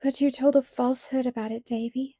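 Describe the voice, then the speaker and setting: A woman voicing a gentle, imaginative young schoolteacher who speaks sorrowfully and earnestly. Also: high voice, fairly even intonation, fairly quick, dry recording, clean studio sound.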